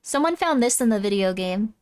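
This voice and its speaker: A woman's voice: on the high side, lively intonation, a little fast, a little mellow, clear, resonant tone. A woman streamer chatting casually while playing, gushing and rambling with lots of apologies. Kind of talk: casual live-stream chat. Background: game music.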